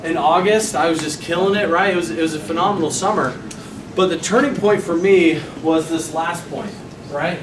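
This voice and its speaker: Young male presenter, fairly high voice, animated storyteller acting out his own lines; motivational training talk heard from a distance in an echoey, noisy room. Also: normal speed. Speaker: sales trainer presenting to a team. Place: meeting room.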